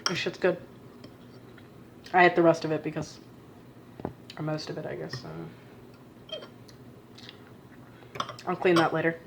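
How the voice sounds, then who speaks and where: Woman with a low flat voice muttering and cussing thru a phone vlog in her kitchen. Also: unhurried, creaky, pauses often, a little hiss or hum. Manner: rambling, profane, muttering to herself. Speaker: vlogger. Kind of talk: casual self-filmed cooking vlog. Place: home kitchen. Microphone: phone held in one hand.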